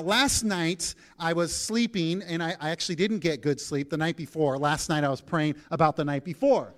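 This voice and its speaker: Preaching to his congregation, a man in the pulpit recounts something from his own life and dramatizes the prayers he offered. His high voice swings from quiet softness to raised emphasis.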